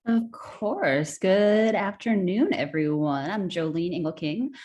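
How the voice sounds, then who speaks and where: A woman's voice: on the low side, animated, slow pace, darkish tone. A woman introducing herself as staff on a video-call panel, polite and pleasant.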